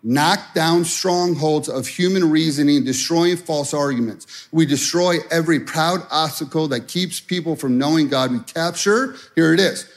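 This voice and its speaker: A man's voice: fairly high pitch, normal speed, hardly any pauses. A middle-aged man preaching a sermon as a pastor, in a conversational style that acts out anxious prayers.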